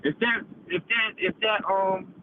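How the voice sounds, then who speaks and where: A caller from the United States talks in a loose, rambling way, swearing and tagging "man" onto his sentences. His voice sits a bit high for a man. It comes through a thin, phone-like line with a loud hiss behind it. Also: steady tone, a little slow. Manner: rambling, profane, repeats "man" constantly. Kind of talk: casual call-in chat.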